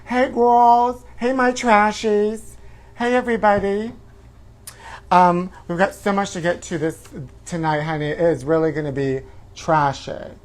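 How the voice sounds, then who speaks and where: A man's voice: sits high, fairly even intonation, measured pace. A man playing a self-absorbed woman hosting a trashy tabloid talk show, drawling honey at everyone and breaking into whooping shrieks. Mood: campy gossip. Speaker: host. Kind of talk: campy comedic live-stream character.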